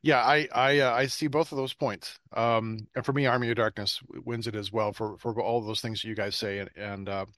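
A man's voice: on the low side, steady tone, fairly quick, hardly any pauses, a bit bright, dry recording, clean studio sound. A man hosting a casual movie podcast, talking loosely with many restarts. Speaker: podcast host. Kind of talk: casual chat.

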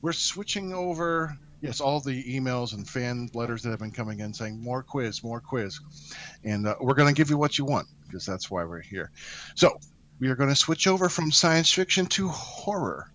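A man's voice: medium pitch, expressive, moderate pace, a bit bright, a little hiss or hum. A man hosting a casual podcast quiz, joking with his co-hosts and reading questions dramatically. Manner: playful, reads questions dramatically. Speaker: quiz host.

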